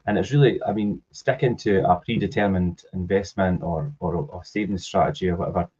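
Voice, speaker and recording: A man co-hosting a podcast, casual and agreeable, backing up his partner. His voice is very low and husky. The audio is dull and lo-fi. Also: fairly quick, dark tone. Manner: agreeable, backs up the other host. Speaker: podcast co-host.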